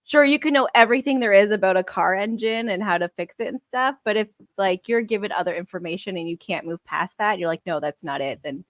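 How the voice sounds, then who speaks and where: A woman's voice: mid-range voice, quick pace, hardly any pauses, no echo, studio quality. A woman co-hosting a podcast in casual chat, talking frankly with swearing and acting out what others said. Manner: frank, swears, quotes others in reenacted lines. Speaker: podcast co-host.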